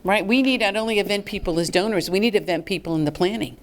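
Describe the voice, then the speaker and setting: A woman presenting a fundraising workshop to a live audience in a lively, chatty way. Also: medium pitch, quick pace. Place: meeting room with a live audience.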